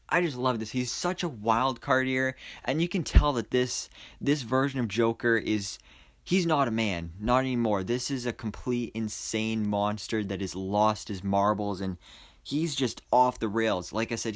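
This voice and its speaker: Eager young man rambling about a movie. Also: fairly low pitch. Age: young adult. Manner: enthusiastic, rambling with many fillers. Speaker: YouTube movie reviewer. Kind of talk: casual spoiler review monologue.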